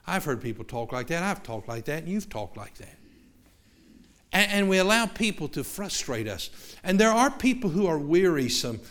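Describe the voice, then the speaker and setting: Southern preacher with a higher voice. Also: male voice, big pitch swings, normal speed, fairly bright tone. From American South. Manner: repetitive restarts, conversational asides to the congregation. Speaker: pastor. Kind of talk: sermon.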